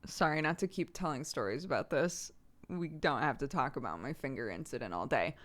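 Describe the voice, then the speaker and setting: A woman's voice: extremely low pitch, expressive, a little fast, fairly bright tone. A woman in her thirties streaming, chatting casually and rambling through viewer questions with many restarts. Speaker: livestreamer.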